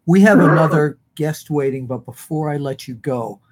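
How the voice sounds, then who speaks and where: A man hosts a talk show in a chatty, gushing way. His voice sits a little high, and he keeps the conversation moving. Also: moderate pace. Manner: effusive and chatty. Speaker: host. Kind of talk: casual chat.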